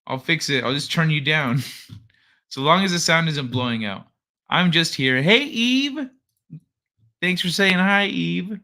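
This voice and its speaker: A man's voice: a little high, pushed and bright. A young man hosting a late-night live stream, chatting casually in a rambling, profane, laid-back way. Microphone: desk microphone he adjusts.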